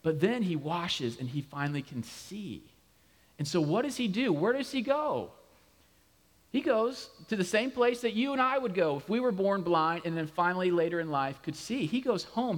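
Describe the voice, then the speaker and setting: A male pastor giving a conversational sermon, animated and full of humorous asides. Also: sits high, normal speed. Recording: long hall reverb.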